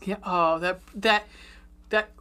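A woman's voice: lowish voice, takes it slowly, smooth. A woman chatting casually about a book and its movie, acting out her reactions with quoted asides. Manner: animated, acts out reactions with many "I was like" quotes.

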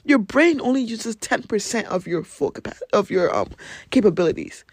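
A man's voice: high-pitched, animated, normal speed, dry recording. A young man with an African accent, hosting a motivational podcast monologue in a blunt, emphatic way and swearing for emphasis. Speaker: podcast host.

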